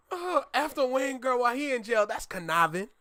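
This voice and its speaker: A reaction host with a high, bright voice, recorded close and dry. He jokes and riffs at length, swinging between loud bursts and hushed asides. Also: a little slow, dry recording. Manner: animated, joking, switches between loud and hushed. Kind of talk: casual reaction commentary.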